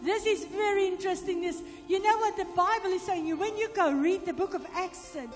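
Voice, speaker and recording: Woman preacher, very high voice, interactive sermon, long church reverb with faint music under. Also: fairly quick. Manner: reads scripture aloud and coaxes audience responses.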